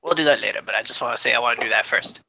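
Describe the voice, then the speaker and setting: A man's voice: mid-range voice, very fast, vocal fry, pushed and bright, slight background noise, poor audio. A man playing a royal character in a tabletop game, playful, giggly and theatrical. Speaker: player.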